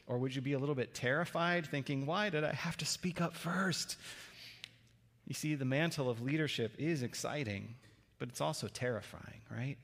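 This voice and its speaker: A man with a slightly high voice preaches a sermon in a chatty, storytelling way. He keeps turning to the listeners with questions. His voice rings out with the long reverb of a church hall. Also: fairly bright tone. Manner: conversational, asks the listeners questions. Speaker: pastor.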